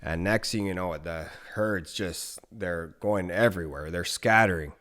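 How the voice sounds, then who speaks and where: A man in his thirties from northern Canada, telling a story as a podcast guest in a relaxed, rambling way with swearing and restarts. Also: low voice, unhurried. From Nunavut, northern Canada. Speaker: podcast guest, former hockey player. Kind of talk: casual storytelling.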